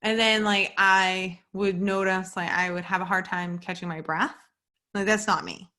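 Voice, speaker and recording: A woman's voice: mid-range voice, fairly even intonation, moderate pace, bright, forceful tone. A young woman hosting a podcast, talking casually and candidly with many "like" fillers and some swearing. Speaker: podcast host. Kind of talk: casual solo podcast monologue. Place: home at night.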